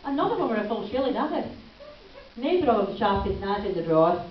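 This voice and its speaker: A woman performs a chatty stand-up routine, teasing the crowd. Her voice swings up and down with lively melody. It comes over a muffled, lo-fi recording taken from far off in an echoey hall with faint hiss. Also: medium pitch, quick pace. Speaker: stand-up comedian. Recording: lo-fi camcorder from a distance in an echoey hall.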